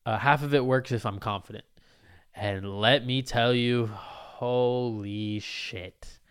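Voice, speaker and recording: A young man telling a story about his comedy gigs in a casual, animated and profane way, mocking himself. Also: medium pitch, takes it slowly, clear, resonant tone.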